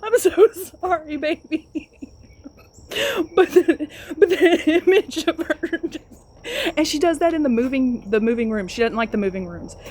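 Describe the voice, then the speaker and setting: High-voiced, laughing woman. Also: normal speed, a little mellow. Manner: laughing often through the story. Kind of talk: casual storytelling.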